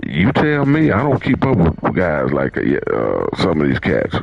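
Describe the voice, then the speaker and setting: A man's voice: a bass voice, wildly swooping pitch, measured pace, creaky, breathy edge, no room sound, muffled recording, soft background music. A male video game streamer trash-talking rivals in game chat, boastful and teasing, repeating himself.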